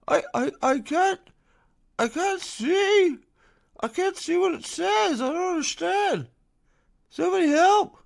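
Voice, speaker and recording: A man putting on a high, confused, pleading voice as a bystander who can't read a sign in the sky. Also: expressive, slow, gravelly, pauses often, full character voice. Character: panicked man squinting at a sky banner.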